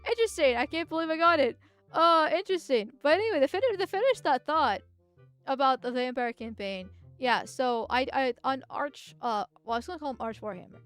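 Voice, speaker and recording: A high-pitched woman streamer gives live commentary over a game, quick to anger and full of swearing. She rambles, stumbles over restarts and bursts into heated rants, with faint music playing behind her. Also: lively intonation, a bit bright. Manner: ranting, profane, quick to anger. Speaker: vtuber streamer.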